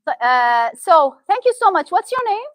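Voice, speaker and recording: A woman's voice: very high-pitched, sing-song, moderate pace, no room sound, poor audio. A woman from Syria with a Syrian Arabic accent, a therapist giving a chatty talk and often asking the audience questions. Arabic is her first language. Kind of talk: interactive motivational talk.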